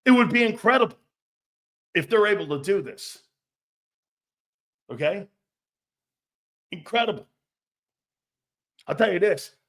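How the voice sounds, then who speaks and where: A man with a high voice and an unhurried, drawn-out delivery hosts a loose sports talk show. He is rowdy and jokey, rambles from one point to the next, and breaks into laughter often. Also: lively intonation, a bit bright.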